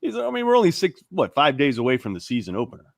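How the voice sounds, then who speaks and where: A man talks sports with his co-hosts, animated and prone to laughter and restarts. His pitch swings widely as he goes. The studio sound is dry and close. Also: fast talker, vocal fry, no echo. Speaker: sports radio co-host. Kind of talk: casual sports talk.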